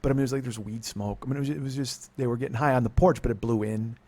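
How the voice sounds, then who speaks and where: This podcast host, a middle-aged man from California, has a mellow mid-range voice with a steady tone and a rapid-fire delivery. In his confessional monologue he rambles through a long personal story, curses, and keeps stopping himself mid-sentence.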